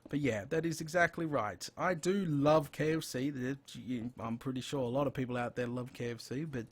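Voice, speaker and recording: A man with an Australian accent talks through a live gaming stream in a loose, rambling way. His voice sits a little high for a man. He keeps breaking into quick exclamations. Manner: chatty and rambling, with frequent exclamations. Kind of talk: casual live-stream chat while playing.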